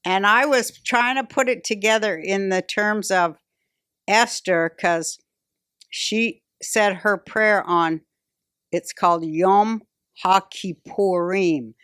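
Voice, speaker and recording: A woman's voice: mid-range voice, slow pace, fairly bright tone, clean tone, no room sound, studio quality. A woman hosting a podcast in casual chat, blunt and profane with strong opinions. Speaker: podcast host.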